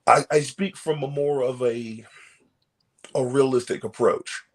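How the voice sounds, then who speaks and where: A man's voice: mid-range voice, a little slow. A man, a professional wrestler, telling stories in a casual podcast interview, laughing often and acting out quotes with casual swearing. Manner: animated storyteller, laughs often, acts out quotes.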